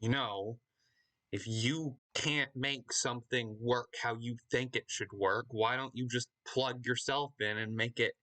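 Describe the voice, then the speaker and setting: A man's voice: medium pitch, steady tone, unhurried, pushed and bright. A man voicing a dry, teasing male AI that lives in a toaster oven. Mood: wry.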